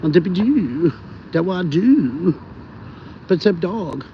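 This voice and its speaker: A man's voice: high voice, animated, slow pace, lo-fi sound, slight background noise. A man voicing his own goofy, simple-minded male toy poodle, chanting short repeated phrases.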